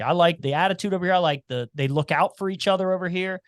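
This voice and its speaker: A talkative man with a slight Appalachian twang, chatting as a podcast guest. His voice sits a little high for a man and sounds close and dry. He talks in animated bursts and restarts his sentences as he goes. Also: fast talker, clear, resonant tone, no room sound. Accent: slight Appalachian twang, Cincinnati. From Cincinnati area, United States. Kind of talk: casual chat.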